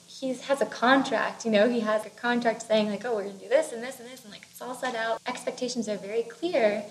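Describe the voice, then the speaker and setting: A woman co-hosting a casual book discussion, rambling with lots of "like" and "you know". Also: on the high side. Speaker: podcast co-host discussing a book. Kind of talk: casual chat. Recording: roomy echo with faint background noise.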